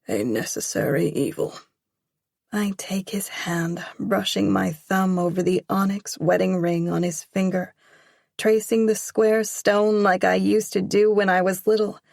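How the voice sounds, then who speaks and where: Husky, slow woman narrating an audiobook. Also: medium pitch, level tone, a little mellow, no room sound, studio quality. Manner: emotional, pleading in dialogue. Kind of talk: first-person romance audiobook narration.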